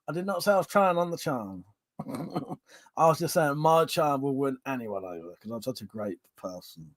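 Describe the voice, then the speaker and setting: Man, livestream host, casual chat, laughs a lot, swears, slightly high voice. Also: lively intonation, moderate pace, no echo. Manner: chatty and swearing, laughs often, drinking on stream. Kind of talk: casual chat reading out viewer comments.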